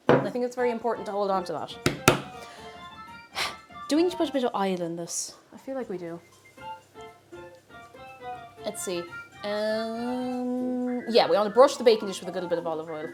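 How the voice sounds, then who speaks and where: Irish woman, casual cooking-stream chat, bright high voice, lively pitch. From Ireland. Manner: chatty, laughs often, thanks viewers by name.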